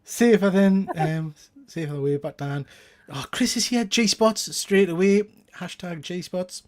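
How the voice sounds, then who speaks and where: A man's voice: sits high, measured pace. A man with a Geordie accent hosting a casual live-stream chat, greeting viewers by name and laughing often. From Northeast England. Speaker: host.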